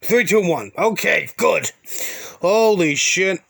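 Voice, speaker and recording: A man's voice: sits high, lively intonation, slow, vocal fry, fairly bright tone, no room sound. A man giving mocking, sarcastic commentary over a video, crude and insulting.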